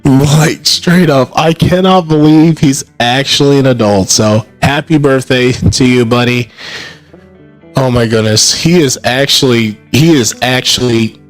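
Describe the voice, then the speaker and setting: A man hosting a casual livestream announcement, rambling and apologetic between drawn-out hype shouts of names. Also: medium pitch, soft background music, poor audio. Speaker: streamer hosting an announcement stream.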